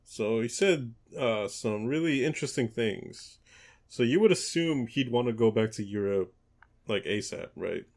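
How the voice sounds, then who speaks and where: A man hosting a football podcast in casual chat, relaxed and hesitant, with many ums and restarts. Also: medium pitch, unhurried. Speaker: podcast host.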